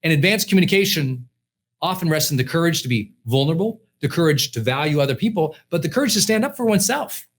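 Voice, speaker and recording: A man's voice: a little high, expressive, fast talker. A middle-aged man, a personal development coach, giving an emphatic motivational class lecture and repeating his key points.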